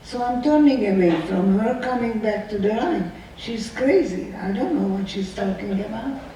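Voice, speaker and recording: A woman's voice: medium pitch, measured pace, dark tone, slight background noise. A woman in her nineties giving a personal testimony, telling her story earnestly and asking many rhetorical questions. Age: 90s. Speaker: survivor speaker. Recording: distant echoey hall recording, faint ambience.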